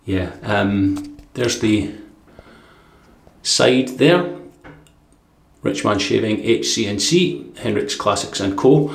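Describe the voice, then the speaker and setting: Brief: rambling, easygoing Scottish guy, lowish voice, recorded in a roomy space at home. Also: expressive, slow pace, gravelly. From Dundee, Scotland. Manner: chatty and rambling, with filler words and chuckles. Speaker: shaving vlogger. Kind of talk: casual product review. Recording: echoey room.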